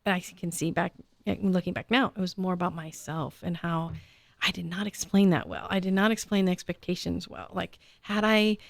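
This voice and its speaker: A woman's voice: lowish voice, steady tone, normal speed, gravelly, dry recording. A woman in her fifties talking on a radio show, reflective and self-deprecating, with hesitant restarts and frequent laughter. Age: 50s. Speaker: co-host or guest. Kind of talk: conversational radio talk show.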